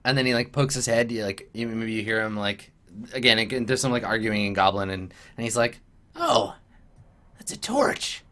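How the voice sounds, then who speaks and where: A man's voice: on the low side, fairly even intonation, fairly quick, bright, forceful tone. A man narrating as game master of a tabletop game, rambling with many fillers. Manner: rambling, full of fillers and laughs.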